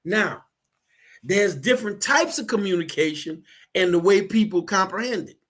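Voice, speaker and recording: A man in casual talk, animated, acting out the people he quotes as he tells stories. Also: high voice, moderate pace. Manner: animated storyteller, acts out quotes.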